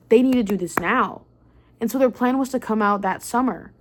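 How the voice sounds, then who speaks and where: A young woman recapping a book in a casual, excitable rant, swearing freely and filling her talk with "like" and "um". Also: on the high side, moderate pace, a little hiss or hum. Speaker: book vlogger.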